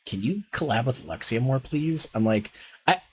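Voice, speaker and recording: A man's voice: mid-range voice, animated, normal speed, slight background noise. A man hosting a casual stream chat, joking and hesitant with frequent fillers. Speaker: streamer host.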